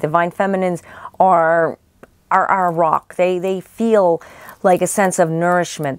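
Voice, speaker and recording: Casting note: woman psychic, low-ish voice, rambling delivery, voice a bit worn, dry room. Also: dry recording. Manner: rambling, many restarts and fillers. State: losing her voice. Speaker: psychic tarot reader. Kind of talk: casual spoken tarot reading.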